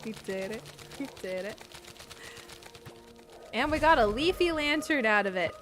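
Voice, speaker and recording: A woman with a high voice talks through a live game stream in an unhurried drawl. She reacts in excitable yelps and curses whenever the game turns on her. Game music plays clearly behind her. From Canada. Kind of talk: live gameplay commentary.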